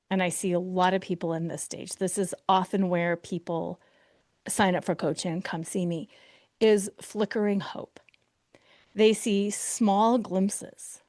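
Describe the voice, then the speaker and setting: A woman hosting a solo podcast as a coach, talking animatedly, acting out inner voices with quick shifts and sometimes dropping to a soft whisper for emphasis. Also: medium pitch, no echo, clean studio sound. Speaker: podcast host and betrayal recovery coach.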